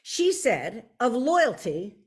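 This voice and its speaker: A woman with a Philadelphia accent chats straight to her viewers as the host of her own show. Her voice sits somewhat high, and she gushes, doubling her words and breaking off sentences to start them again. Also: sing-song, slow, a little mellow, slightly rough. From Philadelphia area. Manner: effusive, chatty, with frequent restarts and repeated intensifiers. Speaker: author hosting her own video show. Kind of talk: casual chat to viewers.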